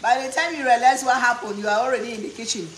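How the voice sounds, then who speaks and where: A woman's voice: on the high side, fast talker, slight background noise. A woman from Africa, telling funny stories while cooking in her home kitchen. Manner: animated, humorous storyteller. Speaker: cooking vlogger. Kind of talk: storytelling chat while cooking. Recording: echoey kitchen with faint cooking sounds.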